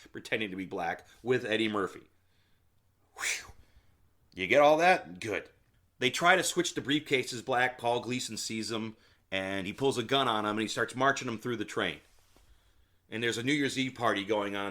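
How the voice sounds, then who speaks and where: A man's voice: on the low side, a bit bright. A man hosting a solo comedy podcast and recapping a film in a casual, rambling way, with filler words and asides. He gives blunt opinions and talks straight to the listener. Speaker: podcast host.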